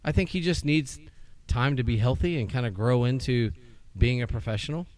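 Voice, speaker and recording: A man co-hosting a podcast on a porch, chatting casually and telling stories in a rambling, excitable way. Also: medium pitch, moderate pace. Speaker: podcast co-host. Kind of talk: casual chat.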